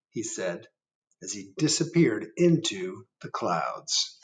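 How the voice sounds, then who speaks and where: A male first grade teacher reading a storybook to his class over video, gentle and chatty, his pitch swinging widely as he asks the kids questions. He sits a little way from the mic in an indoor room. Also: very animated, slow, far from the mic. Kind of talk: reading a picture book aloud to children.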